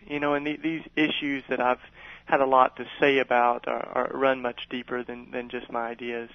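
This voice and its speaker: A man's voice: medium pitch, little pitch movement, moderate pace, creaky. A man from East Tennessee, a guest on a radio interview, who talks earnestly with lots of restarts and laughs at his own stories. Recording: dull lo-fi radio sound.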